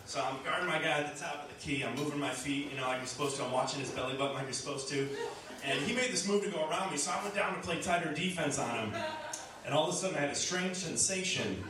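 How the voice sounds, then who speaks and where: Stand-up comic, male, high voice, picked up in a noisy club. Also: quick pace. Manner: self-mocking storytelling with acted-out voices. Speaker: stand-up comedian. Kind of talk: stand-up comedy set. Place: bar comedy stage. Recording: noisy, echoey club recording from a distance.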